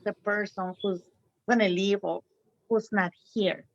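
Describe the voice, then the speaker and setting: A woman's voice: medium pitch, fairly even intonation, moderate pace. A woman whose first language is Spanish, a guest spiritual reader who talks with feeling and laughs often. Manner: emotional, laughs often, non-native phrasing. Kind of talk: conversational interview. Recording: dry, muffled call audio.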